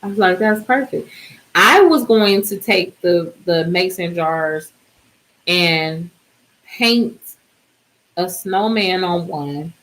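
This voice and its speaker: A woman's voice: lowish voice, slow, a bit bright, rough recording. A woman chatting casually in a vlog, tired and rambling, trailing off mid-thought. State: exhausted, yawning. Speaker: DIY vlogger. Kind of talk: casual chat.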